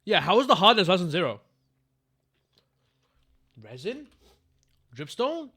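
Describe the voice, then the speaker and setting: A young man chatting through a live game stream, profane and quick to get worked up. His voice sits a little high for a man and comes across bright and forceful, and he keeps calling his viewers "bro". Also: slightly rough. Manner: profane, excitable, calls the chat bro. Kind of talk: casual live-stream gaming chat.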